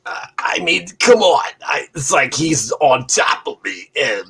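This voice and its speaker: A man imitating a gruff, rugged outdoorsman with a thick accent, rambling and bursting into shouts. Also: a little high, sing-song, measured pace, pitched above the performer's own voice, heavily acted.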